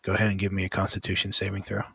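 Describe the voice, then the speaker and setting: Male game master, low flat bright-edged husky voice, dry sound, dramatic narrator. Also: no echo. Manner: slow, dramatic scene-setting.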